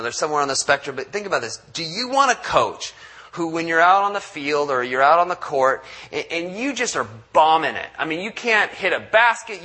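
A man's voice: on the high side, pushed and bright. A man preaching a conversational sermon, acting out quotes and restarting often. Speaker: pastor.

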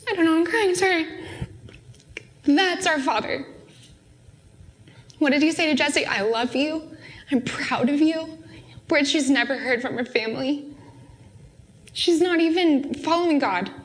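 A young adult woman speaking at a student fellowship, giving an earnest, heartfelt sermon in a casual, conversational way. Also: sits high. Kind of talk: conversational sermon with a personal story.

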